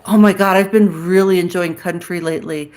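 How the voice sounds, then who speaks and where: A woman's voice: fairly low pitch, fairly even intonation, a little fast, darkish tone, a little hiss or hum. A woman hosting a casual livestream, chatting frankly with viewers and answering their comments aloud, with the odd curse word. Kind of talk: casual live-chat talk.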